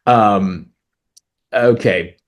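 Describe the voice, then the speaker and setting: A man's voice: on the low side, extremely slow. A man co-hosting a chat about songwriting, eagerly explaining craft and reading lyrics aloud with rhythm. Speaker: podcast co-host, lyricist.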